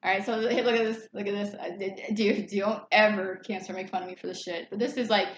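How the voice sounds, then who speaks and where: A woman's voice: mid-range voice, flat delivery, fast, muffled recording. A woman reading tarot in a casual, chatty way, loose and swearing freely. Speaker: tarot reader. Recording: echoey room, faint background noise.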